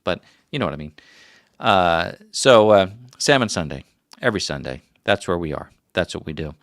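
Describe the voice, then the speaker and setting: A man's voice: low-pitched, expressive, normal speed, dry recording, clean studio sound. A middle-aged man hosting a casual livestream, rambling through stories with self-mocking jokes. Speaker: livestream host.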